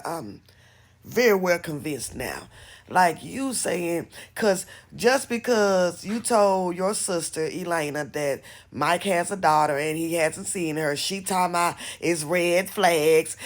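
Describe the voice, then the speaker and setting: A woman giving casual, blunt and opinionated commentary on a skit, rambling and restarting as she talks. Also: fairly low pitch. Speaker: vlogger reacting to a skit.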